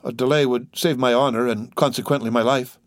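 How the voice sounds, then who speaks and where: A man's voice: medium pitch, fairly even intonation, brisk, no room sound, studio quality, lightly acted. A man voicing a ruined middle-aged ship-owner who speaks formally and mournfully. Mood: grave.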